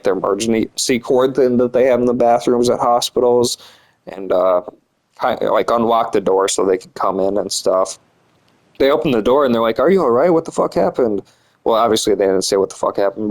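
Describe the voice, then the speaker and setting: A man's voice: on the low side, darkish tone, rough recording. Rambling young man, profane storytelling. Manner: rambling, profane, heavy filler words. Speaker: vlogger. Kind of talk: casual storytelling.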